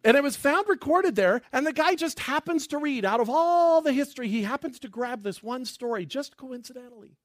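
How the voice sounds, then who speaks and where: Animated high-voiced man preaching. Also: no echo, clean studio sound. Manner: playful, acts out the characters in quick asides. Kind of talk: animated sermon retelling a Bible story.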